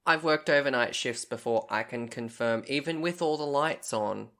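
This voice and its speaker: A man's voice: medium pitch, moderate pace, fairly bright tone. A man co-hosting a podcast, recounting a story in a chatty, casual way, swearing freely and acting out what people said. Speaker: podcast co-host.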